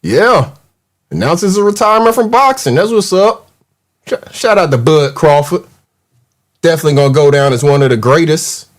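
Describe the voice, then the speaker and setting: A man's voice: on the high side, moderate pace, pauses often. A man hosting a casual livestream, ranting in a mocking, profane, heated way and reacting to the live chat. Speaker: show host.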